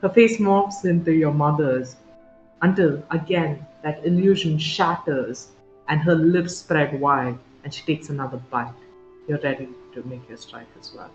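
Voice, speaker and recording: A game master narrating a tabletop game with vivid, halting description, full of fillers and restarts. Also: mid-range voice. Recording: roomy, dull sound, faint music.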